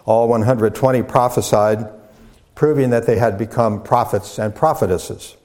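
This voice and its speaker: A man, a pastor, delivering a teaching sermon in a measured way, with fillers and repeated words as he builds his points. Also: mid-range voice, steady tone, darkish tone. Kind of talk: sermon lecture.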